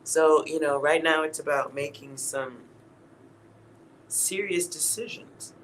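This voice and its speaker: A man's voice: fairly high pitch, takes it slowly, a bit bright, slight background noise, poor audio. A man giving a casual, blunt tarot reading to his viewers, laughing at himself and swearing now and then. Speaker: tarot reader.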